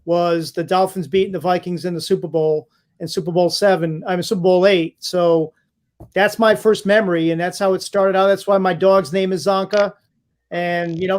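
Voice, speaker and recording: A man with a high voice co-hosts a sports podcast. He looks back on old games at an even, measured pace. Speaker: podcast co-host. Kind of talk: casual sports chat.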